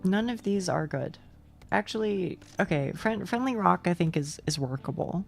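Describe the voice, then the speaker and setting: A woman's voice: fairly low pitch, animated, normal speed, gravelly, faint music behind. A young woman streaming, chatting casually with viewers, rambling and swearing with frequent laughs.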